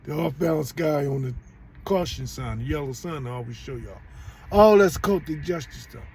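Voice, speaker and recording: A man's voice: on the high side, normal speed, darkish tone, a little hiss or hum, poor audio. A middle-aged man telling a rambling story straight to his viewers, often repeating and restarting himself. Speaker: vlogger. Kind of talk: casual storytelling monologue.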